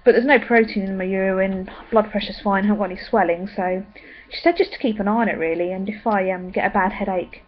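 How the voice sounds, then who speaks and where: A young woman chatting in a rambling way with many pauses and ums. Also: mid-range voice, fairly even intonation, highs cut off. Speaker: vlogger. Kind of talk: casual pregnancy update vlog.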